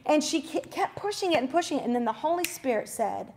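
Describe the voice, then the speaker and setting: Chatty high-voiced woman host. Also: sing-song, darkish tone, slight background noise. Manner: chatty, quick asides and self-corrections. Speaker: host of a faith talk show. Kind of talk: casual devotional storytelling.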